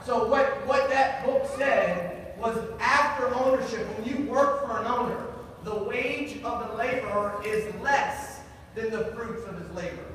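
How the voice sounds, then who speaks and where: A man's voice: very high-pitched, a little slow, a bit bright, a little hiss or hum. A man giving an emphatic motivational speech to a live audience, telling a story and asking rhetorical questions. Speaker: motivational speaker. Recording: echoey hall recorded from far off.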